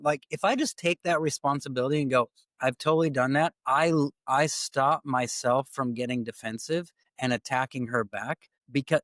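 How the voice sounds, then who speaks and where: A man's voice: medium pitch, no echo. A man hosting a podcast, telling stories in a casual way and acting out the lines he quotes. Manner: animated storytelling, acting out quoted dialogue. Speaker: podcast host. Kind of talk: casual conversational podcast talk.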